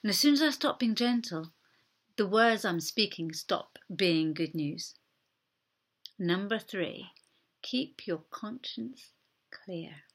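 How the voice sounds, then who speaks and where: A woman delivers a sermon with a breathy, slightly husky voice at an ordinary middle pitch. She talks earnestly and gently, and often sinks into a hushed near-whisper to press a point home. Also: lively intonation, slow pace, pauses often. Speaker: preacher.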